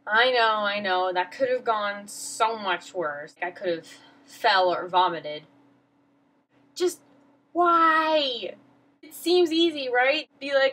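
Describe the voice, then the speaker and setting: A woman's voice: on the high side, expressive, slow, sharp tone, rough recording. A teenage girl vlogging, telling a story in a rambling, flustered, self-mocking way. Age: teens. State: emotional. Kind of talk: casual storytelling vlog.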